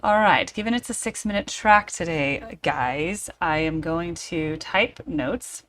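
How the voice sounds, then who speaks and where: A woman's voice: fairly low pitch, takes it slowly, fairly bright tone, a little hiss or hum. A woman hosting her own reaction video, talking casually to camera with playful, theatrical asides.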